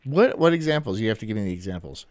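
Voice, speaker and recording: A man's voice: fairly low pitch, very animated, fast talker, a little mellow, faint music behind. A young man streaming on a headset mic, chatting casually in a joking, defensive way and laughing often. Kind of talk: casual livestream chat.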